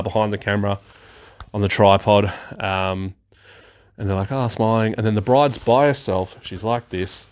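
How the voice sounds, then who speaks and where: Low-voiced, swearing guy. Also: no echo, lo-fi sound. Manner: excitable, swears freely, laughs often. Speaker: podcast host. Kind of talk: casual storytelling.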